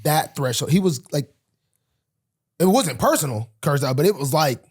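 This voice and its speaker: Animated young man telling stories. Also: on the high side, normal speed, husky. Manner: animated storyteller, acts out quotes. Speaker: podcast co-host, football player. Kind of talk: casual podcast banter.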